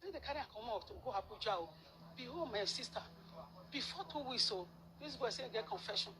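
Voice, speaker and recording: A middle-aged woman with a Nigerian Pidgin accent, telling her own story in an interview, animated and repeating words for emphasis. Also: on the high side, fast talker. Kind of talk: emotional personal account. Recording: crowd noise behind.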